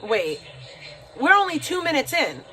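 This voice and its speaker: High, lively-voiced woman chatting. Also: measured pace, crowd noise. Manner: chatty, mutters to herself while cooking. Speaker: livestreamer. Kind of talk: casual livestream chat. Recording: background noise.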